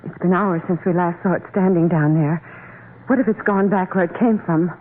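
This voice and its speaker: A woman's voice: lowish voice, normal speed, close to an everyday voice. An actress playing a frightened young woman trapped in a tunnel, breathless and pleading, in a 1930s radio horror drama. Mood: anxious. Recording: lo-fi, phone-like old radio transcription with faint hiss.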